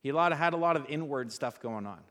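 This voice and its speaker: Casual, animated male preacher in a church with long reverb. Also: fairly high pitch, fast. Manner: conversational, animated, asks the audience rhetorical questions. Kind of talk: sermon.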